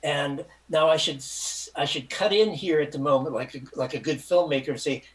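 In a low-quality recording, a fairly high-pitched older man from Michigan speaks at a moderate pace. He's a guest in an interview, telling a meandering, lively story and performing the quotes of its characters in a relaxed, anecdotal way.

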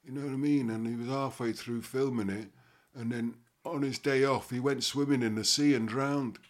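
Medium in pitch, with fairly even intonation and a moderate pace, a sixty-something actor from Liverpool, England reminisces as an interview guest. His Scouse chat rambles casually and keeps returning to "you know what I mean."

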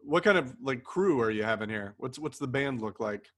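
A man interviewing a filmmaker in a relaxed, casual way, with short questions and quick remarks. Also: medium pitch. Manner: relaxed, brief questions and backchannels.

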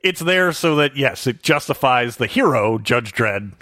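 A man casually discussing a movie plot in an easygoing way, with halting restarts. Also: mid-range voice, animated, sharp tone, no room sound, studio quality. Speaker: podcast co-host.

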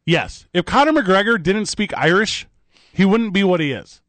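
A man's voice: high voice, dry recording. A man co-hosting a studio talk show, joking and bantering with his partner. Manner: animated, joking, quick asides. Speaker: co-host. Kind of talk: casual radio show banter. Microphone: studio mic.

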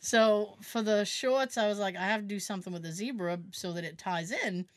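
A woman co-hosting a casual podcast. She laughs often and rambles through long explanations. Her pitch is mid-range and the sound is dry and close. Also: moderate pace, no echo. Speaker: podcast co-host. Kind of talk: casual chat.

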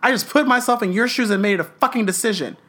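A man co-hosting a podcast in casual chat, ranting with passion and swearing a lot, a little rough around the edges. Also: high voice, quick pace, pushed and bright. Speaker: podcast co-host.

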